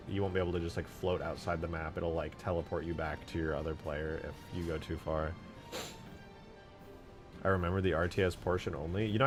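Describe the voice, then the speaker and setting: A man with a deep, low voice streams from his home setup, talking into a desk mic. He rambles easily and thinks out loud as he tinkers with a game, with quiet music playing underneath. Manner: relaxed and rambling, thinking aloud. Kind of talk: casual livestream commentary. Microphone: desk microphone.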